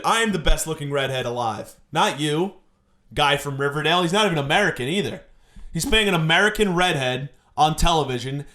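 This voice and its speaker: Young male comic host, fairly high voice, mock-indignant rant delivery. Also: pushed and bright. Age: 20s. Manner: mock-indignant, exaggerated complaining. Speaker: comedy podcast host. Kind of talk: comedic rant monologue.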